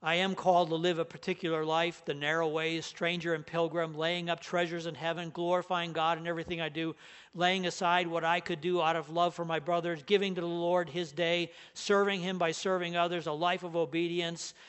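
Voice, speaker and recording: A man's voice: fairly high pitch, little pitch movement, fairly quick, fairly bright tone, clear, resonant tone. A man preaching a sermon as pastor, earnest and emphatic, leaning hard on the key words.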